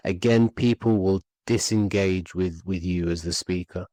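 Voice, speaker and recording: Male speaking coach, earnest, repeats key points, lowish voice. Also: fairly even intonation, measured pace, hardly any pauses, warm tone, no echo, poor audio. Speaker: communication skills coach. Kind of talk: instructional podcast talk.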